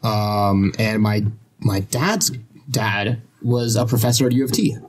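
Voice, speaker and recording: A Russian-born man, a guest chatting casually on a podcast and laughing often. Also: on the low side. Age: 20s. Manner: easygoing, laughs often, halting with fillers.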